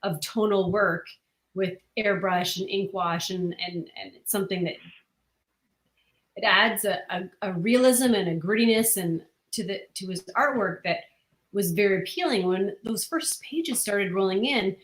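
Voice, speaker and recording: A woman's voice: mid-range voice, a little slow, roomy sound. A woman who writes comics, answering interview questions earnestly and at length, with frequent restarts.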